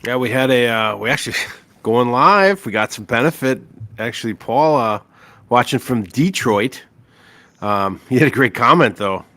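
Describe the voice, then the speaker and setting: A man co-hosting a laid-back sports chat, quick with jokes and stories. His voice sits at a middling pitch. The sound is dry and close, with no room in it. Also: lively intonation, sharp tone, no room sound. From Upper Midwest US. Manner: jokey storyteller, teasing. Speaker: podcast co-host.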